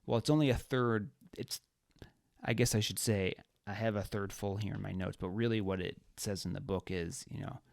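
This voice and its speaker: A man's voice: lowish voice, steady tone, moderate pace, vocal fry, dry recording, clean studio sound. A man hosting a podcast about his own novel, talking casually with lots of fillers and self-corrections. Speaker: author and podcast host. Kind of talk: casual book discussion.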